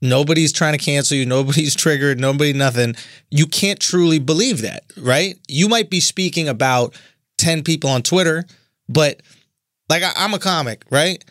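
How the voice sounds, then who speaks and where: A man's voice: on the high side, normal speed, a bit bright, no room sound, clean studio sound. A male comedian in a casual podcast talk, persuasive and arguing his point. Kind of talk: casual chat.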